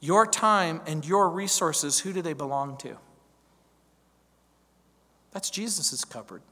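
A man's voice: a little high, expressive, slow pace, sharp tone, long reverb tail. A male pastor preaching a verse-by-verse sermon, emphatic, stacking repeated phrases and rhetorical questions.

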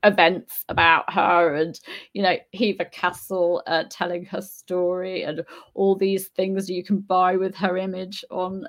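Low, gravelly woman, hesitant. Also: flat delivery, unhurried, a bit bright. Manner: hesitant, many fillers and restarts, thoughtful. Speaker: live-stream host answering viewer comments. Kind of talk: casual live Q&A talk. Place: home in Spain.

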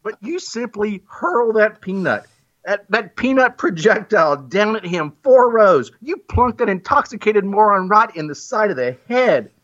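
Hammy man with a bright voice. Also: high-pitched, sing-song, measured pace. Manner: theatrical, hammy, self-mocking. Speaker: guest making a comic pitch. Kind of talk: playful mock-persuasive monologue. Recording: muffled lo-fi recording.

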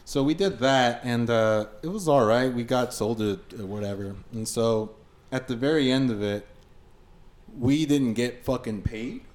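On a podcast, a man who is a musician tells a road story in casual chat, his medium-pitched voice running a little slow. He swears freely and piles on the fillers, animated and profane as he spins the anecdote.

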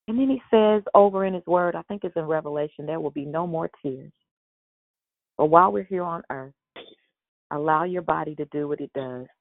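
A woman hosting a faith call, talking in a gentle, reassuring way and often repeating her words. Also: low voice, no echo. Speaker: host of a prayer call. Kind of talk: encouraging faith talk. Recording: tinny phone line, dry.

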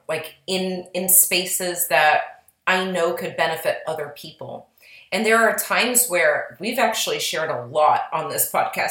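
A woman with a lowish, sharp-toned voice co-hosts a casual podcast, chatty and reflective, sounding a little worn. She is a psychic medium, and the audio is poor, with a roomy sound.

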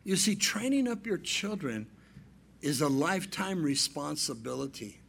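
A man in his fifties preaches with a high-pitched voice. He tells family stories, drops softly into asides, then lifts his voice into emphatic points for the congregation. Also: sing-song, measured pace, vocal fry, a little hiss or hum. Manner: storytelling preacher, swings between soft asides and emphatic raised points. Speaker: pastor. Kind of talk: sermon.

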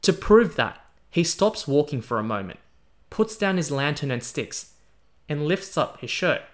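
A man's voice: a little high, very animated, unhurried. A man hosting a history podcast, telling a first-person story in a chatty, casual way. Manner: chatty, casual, uses slang. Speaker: podcast host.

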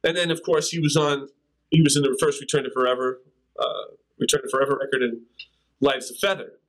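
Quick-paced and medium-pitched, with a level, slightly bright tone, an older drummer chats as an interview guest on a low-quality recording. It's casual storytelling: meandering anecdotes, scat-sung rhythms, and laughs.

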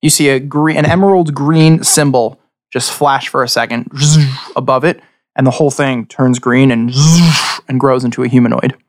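A man acts as game master, describing the scene in a loose, chatty way and often circling back to restart a phrase. His voice sits at an ordinary middle pitch. The recording is close and dry, with no room sound. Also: fairly even intonation, moderate pace, no echo. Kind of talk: narrating a tabletop game.

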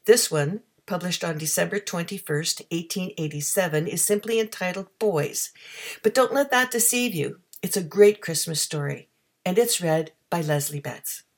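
Low-pitched woman introducing a reading. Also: normal speed. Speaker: program introducer.

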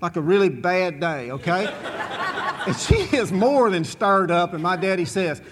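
High-voiced man telling a tale. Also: measured pace. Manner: animated, folksy, rambling with asides. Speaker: storyteller. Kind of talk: comic storytelling to a live audience.

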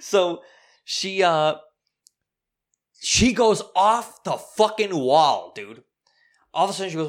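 A young man telling a story in casual chat, animated and profane, laughing often. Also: high-pitched, slow, pauses often.

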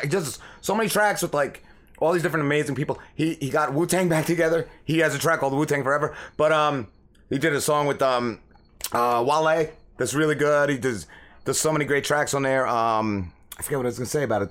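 A man's voice: mid-range voice, fairly bright tone. A man hosting a podcast, ranting with constant swearing and mimicking other people. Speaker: podcast host. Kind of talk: profane casual rant.

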